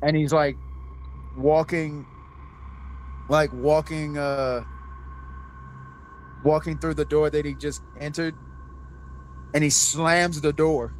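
Game master, man, unhurried and profane, higher voice. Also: little pitch movement, slight background noise. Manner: profane, laughing, acting out characters. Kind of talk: narrating a tabletop game.

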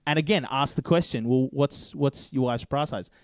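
Aussie bloke yarning on a beer podcast, keeps going "right?", dry close mic. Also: male voice, mid-range voice, normal speed, no room sound. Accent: Australian. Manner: chatty storyteller, keeps checking in with "right?". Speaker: podcast co-host. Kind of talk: casual chat over beers.

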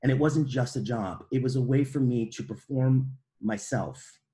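A man's voice: medium pitch, dark tone. Man giving a wry memoir reading. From Brooklyn, New York. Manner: measured, wry, precise delivery. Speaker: author reading his memoir.

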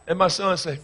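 A pastor in his fifties preaching a sermon, telling stories with bursts of shouting before moving into a fervent prayer. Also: on the high side, slightly rough. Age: 50s.

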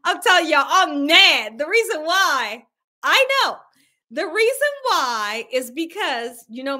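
A woman telling a story to her viewers on a casual livestream, animated and exclamatory, calling them y'all. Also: fairly high pitch. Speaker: cooking channel host.

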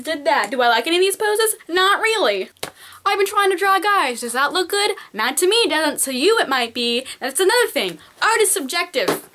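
Bright high-voiced peppy teen girl. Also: expressive, normal speed, a little hiss or hum. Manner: peppy and encouraging, talks straight to viewers. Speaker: art vlogger. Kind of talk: casual advice vlog. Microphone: camcorder mic.

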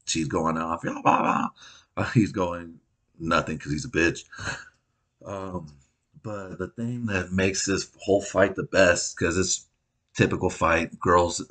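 A man's voice: low-pitched, fairly bright tone. A man telling a profane, rambling comedic recap of a reality show, swearing constantly and laughing at his own jokes.

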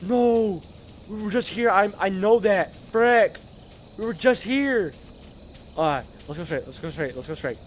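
Male gameplay commentator, high and hoarse, excitable, slang-heavy, with a slight background hiss. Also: unhurried. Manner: excitable, slangy, shouts at scares then mutters. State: hoarse, voice worn from screaming. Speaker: gaming video creator.

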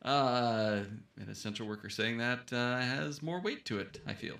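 Male co-host, dry teasing asides, mid pitch, echoey room. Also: normal speed, creaky, fairly bright tone. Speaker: newspaper podcast co-host. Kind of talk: casual news chat.

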